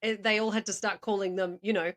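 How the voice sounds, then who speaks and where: A woman's voice: medium pitch, steady tone, quick pace. A woman, co-hosting a podcast in casual chat, laughing often and throwing in jokey asides. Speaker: podcast co-host.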